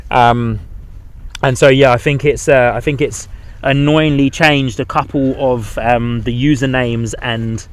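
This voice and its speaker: A man's voice: mid-range voice, steady tone, a little slow, smooth. A young man hosting a live stream, chatting casually and rambling with lots of fillers, outdoors at an airport. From New Zealand. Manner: rambling, hesitant, friendly chatter with many fillers. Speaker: livestream host.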